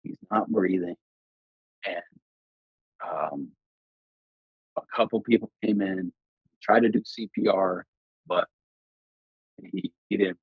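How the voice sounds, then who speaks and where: A man's voice: deep voice, takes it slowly, long pauses, husky, no echo, phone-quality sound. A man as a podcast guest, telling a personal story with intensity and acting out his own past words. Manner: intense, animated retelling that voices his past self in quotes.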